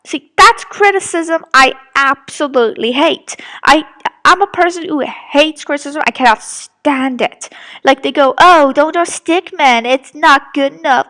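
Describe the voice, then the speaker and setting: A young British woman rants casually to camera, rambling defensively about criticism of her fan audio drama and restarting often. Her voice sits high with a fairly bright tone.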